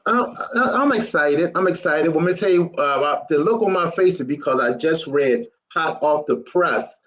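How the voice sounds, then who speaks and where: A man on a political panel lays out a local story in an earnest, halting way, often restarting his sentences. His voice sits at an ordinary pitch. The recording sounds slightly dull and lo-fi. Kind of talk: political discussion.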